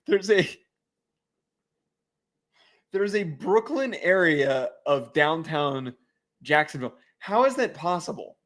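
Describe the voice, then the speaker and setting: Male co-host, casual banter, dry sarcasm, looks up facts mid-talk, raised pitch. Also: sing-song, slow pace, pauses often, fairly bright tone. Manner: wry, looks things up, sarcastic asides. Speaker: podcast co-host. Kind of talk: casual sports chat.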